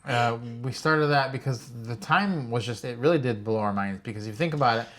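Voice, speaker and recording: A man's voice: medium pitch, a little fast, fairly bright tone. A man co-hosting a travel vlog, steadily explaining things to the camera and listing examples one after another. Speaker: co-host of a retirement travel channel. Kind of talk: casual explanatory chat to camera.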